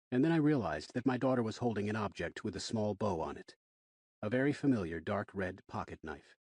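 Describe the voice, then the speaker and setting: Lively, husky male audiobook narrator. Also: fairly low pitch, a little fast, no echo, studio quality. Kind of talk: first-person horror audiobook narration.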